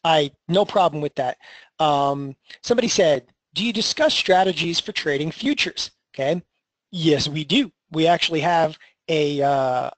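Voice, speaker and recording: Energetic male webinar host, high voice, dry close mic, salesy and chatty. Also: moderate pace, dry recording, poor audio. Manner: energetic, salesy, tags lines with "okay?". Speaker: trading educator hosting a webinar.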